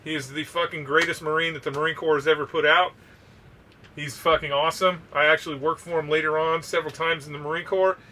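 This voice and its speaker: Guy on a podcast swearing through a story, high bright voice, bit far from the mic. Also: quick pace. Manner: profane, animated storyteller. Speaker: podcast co-host. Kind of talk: casual storytelling.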